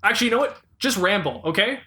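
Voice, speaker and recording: A man co-hosting a casual pop-culture podcast, talking in an animated, rambling way with frequent laughs. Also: high voice, fast, a little hiss or hum. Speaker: podcast co-host.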